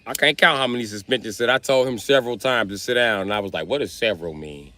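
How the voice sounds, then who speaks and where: A man streaming live, telling profane stand-up stories in a loud, swearing manner. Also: mid-range voice, quick pace. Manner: loud, animated, swearing freely. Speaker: comedian streamer.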